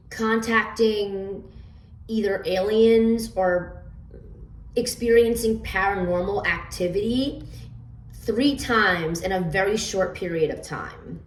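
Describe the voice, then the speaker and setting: A woman's voice: lowish voice, slight background noise. Rambling woman with a roomy, distant sound. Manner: rambling, stammering restarts with many fillers. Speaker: oracle card reader. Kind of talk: casual show-and-tell of her own oracle cards. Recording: roomy echo, distant from the mic.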